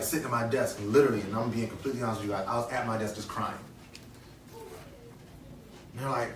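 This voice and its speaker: Here a motivational speaker in his thirties uses a mid-range voice for an earnest speech to kids at a conference, where he keeps repeating key phrases and quizzing the audience. The conference-hall recording is noisy and echoey, captured on a distant mic with faint ambience.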